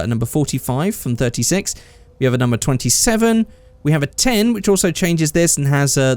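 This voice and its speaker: A man's voice: on the high side, a little mellow, no room sound. A man giving casual, rambling gameplay commentary as a channel host, thinking aloud as he goes.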